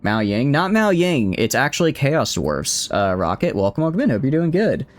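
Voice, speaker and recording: A man's voice: mid-range voice, very animated, moderate pace, faint music behind. A man with a Southern US accent, a game streamer talking playfully and teasingly to his chat while he plays. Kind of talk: casual live-stream chat.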